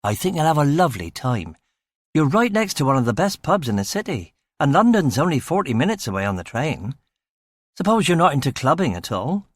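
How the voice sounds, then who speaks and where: A man's voice: on the high side, sing-song, brisk, no room sound. A chatty young constable with a lifted, upbeat voice, as a male narrator puts him on. He rattles on in a breezy, talkative way, in a crime audiobook read in a dry, close room.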